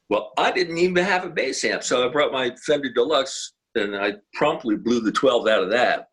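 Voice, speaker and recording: A man's voice: mid-range voice, normal speed, a bit bright, slightly rough, rough recording. An older man, a guest musician, telling long rambling anecdotes in a casual interview. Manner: rambling, anecdotal, many restarts. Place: home, video call.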